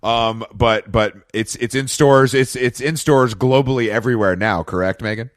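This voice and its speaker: A man's voice: medium pitch, moderate pace, dry recording, clean studio sound. A man hosting a podcast, wrapping up with a guest in a loose, jokey, casually profane way. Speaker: podcast host.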